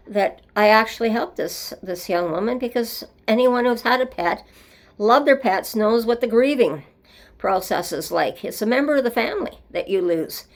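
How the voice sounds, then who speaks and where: A woman hosting a solo show, speaking in an earnest, meandering way as she reflects and tells stories. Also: on the high side. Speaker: host.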